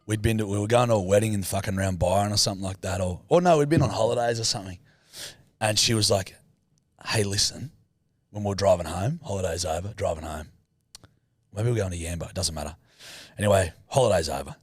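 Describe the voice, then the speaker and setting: Young Aussie male podcast co-host, low voice, dry close sound, sweary and animated. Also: fast, dry recording. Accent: Australian. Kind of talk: casual podcast banter.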